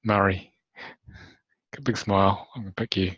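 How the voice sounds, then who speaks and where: A man hosting a healing webinar, gently guiding listeners through a meditation and then inviting them to share. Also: lowish voice, fairly even intonation, husky, no echo. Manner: slow soothing guidance, asks participants to share. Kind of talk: guided meditation and group feedback. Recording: dull lo-fi webinar audio.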